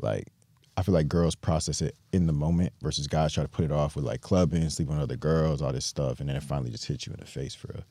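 A young American man hosting a podcast in a relaxed, slangy casual chat. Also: very deep voice, fast, no echo. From United States. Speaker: podcast host.

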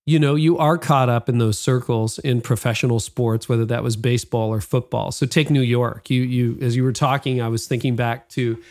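A man's voice: mid-range voice, fairly even intonation, normal speed, few pauses, a little mellow. A man hosting a podcast interview, asking reflective questions in a conversational way. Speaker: podcast host.

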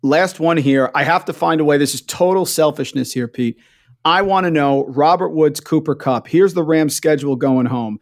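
A man's voice: on the high side, normal speed. A man hosting a casual podcast chat, setting up topics and asking his guest questions. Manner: conversational, asks questions and sets up topics. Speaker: podcast host.

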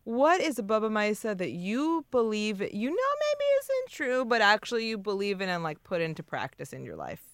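A woman hosting a podcast, playful and a bit halting in casual conversation. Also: mid-range voice, big pitch swings, a bit bright, clear, resonant tone, no echo. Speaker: podcast host.

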